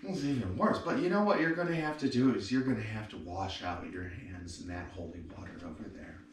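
A man's voice: fairly low pitch, fairly quick, close to an everyday voice. A man voicing a shocked, scolding priest who sputters and lectures in a jokey story. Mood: flustered scolding. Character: flustered scolding male priest, middle-aged. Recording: roomy, distant mic, faint hiss.

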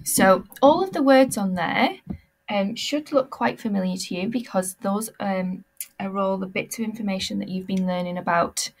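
Female teacher, measured unhurried delivery, clear modelling of vocabulary for repetition. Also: medium pitch. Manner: slow, clear modelling of words for pupils to repeat. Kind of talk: recorded language lesson.

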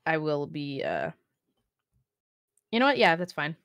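A woman's voice: low voice, huge pitch swings, measured pace, a bit bright, clean tone, no echo, clean studio sound. A woman talking casually over a call with a streamer, hesitant and squeamish. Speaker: guest on call. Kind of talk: casual chat.

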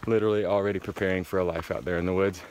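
Excitable young man vlogging outdoors, noisy audio. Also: low voice, racing. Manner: excitable, rambling, swears casually. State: out of breath while hiking. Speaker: van travel vlogger. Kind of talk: casual vlog talk to camera. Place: outdoors in a forest and in a van.

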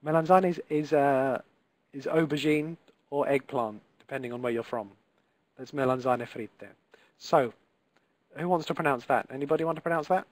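A man with a slightly high voice teaches a live online Italian class at normal speed, with no room sound. Patient and encouraging, he carefully pronounces Italian words for his students.

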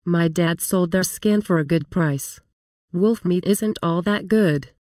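A woman's voice: fairly low pitch, takes it slowly, a little mellow, no echo. A woman voicing a cheeky, boastful young hunter's daughter, read close to a dry home mic. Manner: bragging, defiant.

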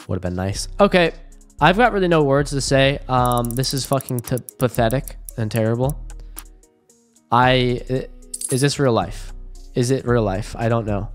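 A young man hosting an online gambling video, narrating each result to his viewers with frequent swearing, pleading and groaning. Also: mid-range voice. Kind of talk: live gambling commentary to viewers.

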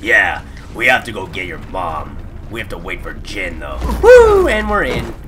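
A man giving excitable, profane commentary on his gameplay, with hyped whoops and trash talk. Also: low-pitched, moderate pace, background noise. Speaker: gameplay video creator. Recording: game sound loud under voice.

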